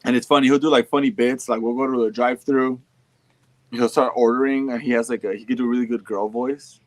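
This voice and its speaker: Young male streamer, casual slangy delivery, mid-pitched, dry close-mic sound; loose and profane. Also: fairly even intonation, fast talker, no room sound. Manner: laid-back, slangy, profane, riffing. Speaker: streamer reading fan messages. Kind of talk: casual livestream chat.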